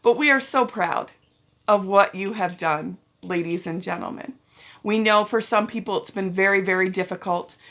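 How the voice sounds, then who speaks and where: A woman school principal giving end-of-year announcements, upbeat and encouraging, getting a little teary as she talks to students and parents. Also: mid-range voice. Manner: upbeat, addresses students as ladies and gentlemen.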